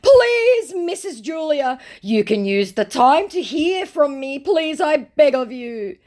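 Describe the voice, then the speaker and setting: A woman's voice: fairly high pitch, very animated, unhurried, darkish tone, voice pushed up. Woman putting on a whiny pleading scammer man. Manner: whiny, broken-English, begging. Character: pleading, self-pitying male online scammer.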